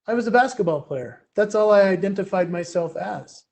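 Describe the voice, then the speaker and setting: A man giving a keynote talk, telling a story in a lively, chatty, self-deprecating way. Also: sits high, a little fast, creaky. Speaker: keynote speaker.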